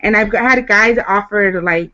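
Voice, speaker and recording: A woman's voice: medium pitch, normal speed, bright, forceful tone. Woman poet chatting on a stream, blunt and a bit sweary, kinda muffled lo-fi sound. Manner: chatty storytelling with frank swearing. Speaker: poet guest. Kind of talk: casual chat on a livestream.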